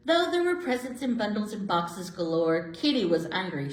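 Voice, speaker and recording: A woman librarian reading a rhyming picture book aloud, with lively, expressive storytelling and asides to her listeners. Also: mid-range voice, normal speed, hardly any pauses. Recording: echoey room.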